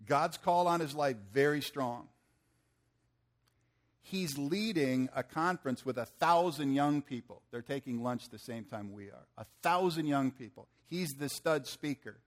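A middle-aged man preaching, telling a folksy story and acting out the people in it. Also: mid-range voice. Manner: folksy, animated storytelling with acted-out quotes. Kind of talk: sermon storytelling.

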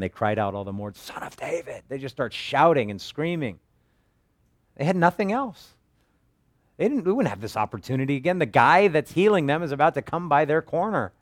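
An earnest male pastor working through a Bible passage, mid-pitched and lively in his retelling. The sound is close and dry, with no room echo. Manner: earnest, animated storytelling with acted-out quotes. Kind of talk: expository Bible teaching.

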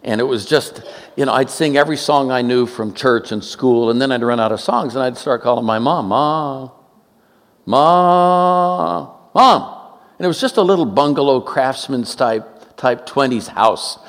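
A man in his seventies from Oakland, California, preaching a sermon with humorous stories, joking and animated, with quick asides. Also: medium pitch, long reverb tail. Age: 70s.

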